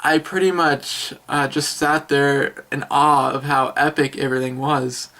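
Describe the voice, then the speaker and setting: An eighteen-year-old man reviews a film for his vlog at a middling pitch. He gushes and rambles, trailing off into fillers and restarting his sentences. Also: measured pace. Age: young adult. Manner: excitable, rambling, many fillers.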